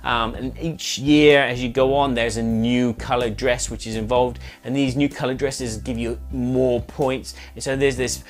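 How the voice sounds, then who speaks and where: A man's voice: mid-range voice, steady tone, measured pace, few pauses, soft background music. A man hosting a casual board game review video, explaining rules in a chatty, rambling way with fillers and self-corrections. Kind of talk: casual monthly review chat.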